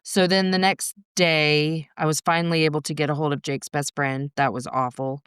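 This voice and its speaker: A middle-aged woman talks candidly as a guest, her voice smooth and clear in tone. She is blunt and swears freely, with laughs breaking through even the hardest parts. The sound is close and dry, with no room echo. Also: low voice, normal speed. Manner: frank, swears often, laughs through hard moments. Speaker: podcast guest. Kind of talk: candid conversational storytelling.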